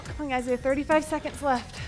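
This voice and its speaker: A woman's voice: high voice, steady tone, quick pace, a little mellow, soft background music, low-quality recording. A woman co-leading a home workout, upbeat and chatty, counting down the seconds. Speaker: fitness instructor. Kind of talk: workout coaching and explanation.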